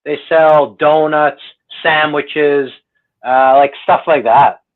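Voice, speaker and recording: A man's voice: a little high, slow. Man on a tinny phone line. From Canada. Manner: relaxed, easygoing, lots of fillers. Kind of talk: casual chat.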